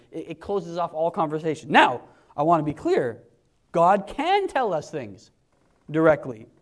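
A man in his forties preaching a sermon in a conversational, animated way, acting out quotes in hushed and raised voices. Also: high-pitched. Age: 40s.

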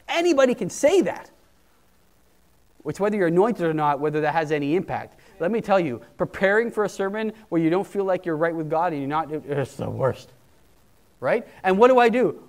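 This pastor preaches his sermon in a high voice with big pitch swings, speaking a little fast. His delivery is conversational and emphatic, and he quotes people in put-on voices.

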